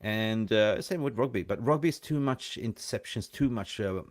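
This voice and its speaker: A man hosting a live call-in show, chatting casually and rambling, quick to laugh. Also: lowish voice, expressive, dry recording, studio quality.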